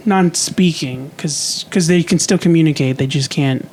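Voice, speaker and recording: A man co-hosting a podcast in casual talk, speaking hesitantly in halting phrases. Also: fairly high pitch, darkish tone, slight background noise. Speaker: podcast co-host.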